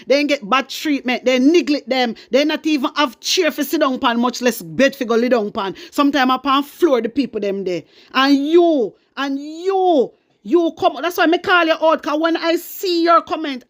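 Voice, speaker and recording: Jamaican lady going off in a vlog rant, high voice, fired up and talking patois. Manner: indignant, passionate, fast patois rant. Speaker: vlogger. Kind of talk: ranting commentary vlog.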